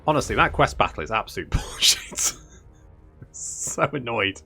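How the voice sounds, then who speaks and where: Excitable, foul-mouthed man narrating gameplay. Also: medium pitch, moderate pace, creaky, breathy edge, faint music behind. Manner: excitable, swears freely, exasperated outbursts. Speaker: gaming channel host. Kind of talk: strategy game let's play commentary.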